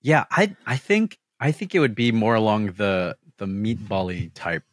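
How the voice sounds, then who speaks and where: A man co-hosting a podcast, tossing in quick reactive quips during casual chat. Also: on the low side, no room sound. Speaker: podcast co-host.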